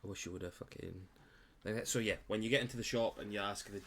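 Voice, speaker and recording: A man running a tabletop game as game master, his voice on the low side. He talks in a loose, casual way, apologizes often and swears now and then. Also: fast talker, fairly bright tone.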